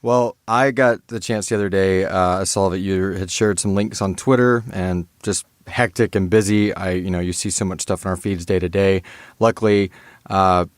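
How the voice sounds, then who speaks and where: A man hosting a podcast interview, talking in a rambling, halting way with many restarts. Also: low voice, fairly even intonation, dry recording. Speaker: podcast host. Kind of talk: casual interview chat.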